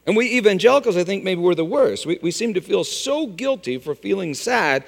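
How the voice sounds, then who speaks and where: Man, pastor, sermon, loud cries to hushed lows, long hall reverb. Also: sing-song, brisk, vocal fry, few pauses. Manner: swings from loud exclaiming to hushed, low delivery.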